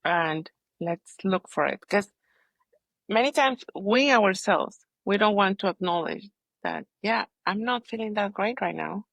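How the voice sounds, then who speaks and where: A woman guest on a podcast, a holistic healer, telling her story in candid conversation, halting and searching for words but earnest. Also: mid-range voice, animated, creaky, a bit bright, no echo.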